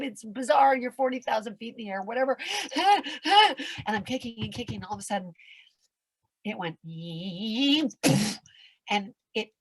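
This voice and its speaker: A fairly high-pitched woman's voice, recorded dry. She's an older, experienced performer sharing a story in a podcast interview, theatrically voicing the characters, shouting in places and swearing without a second thought.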